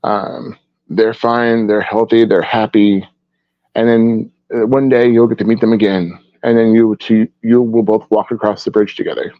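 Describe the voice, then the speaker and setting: Male guest artist, low voice, rambling storyteller; dull dry lo-fi sound. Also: little pitch movement, moderate pace, no echo. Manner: rambling, warm storytelling with restarts. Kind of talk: casual interview chat.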